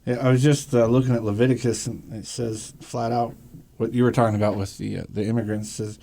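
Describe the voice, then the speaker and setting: A man's voice: medium pitch, level tone, brisk, dark tone, a little hiss or hum. A man hosting a radio talk show, agreeable and reading scripture aloud.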